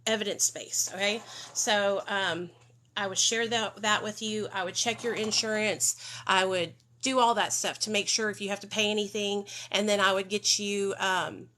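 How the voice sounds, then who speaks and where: A woman's voice: mid-range voice, steady tone, normal speed, pushed and bright, a little hiss or hum. A woman from Arkansas, hosting a casual livestream about addiction recovery and talking straight to her viewers. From Arkansas, USA. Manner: chatty, talks straight to viewers with frequent "okay?". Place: home room with children nearby.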